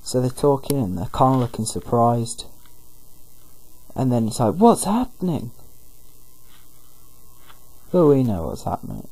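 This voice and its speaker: A man commentating casually over a game, paraphrasing characters in quick throwaway voices. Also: medium pitch, lively intonation, warm tone, rough recording. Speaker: gameplay commentator. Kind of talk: casual let's-play commentary.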